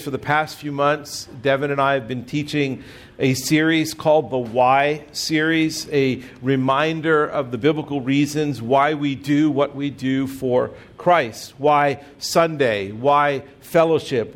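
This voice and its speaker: A middle-aged pastor speaks slowly as he delivers a sermon to his congregation. His voice sits slightly higher than most men's, and his easy, conversational delivery includes gentle humor at his own expense.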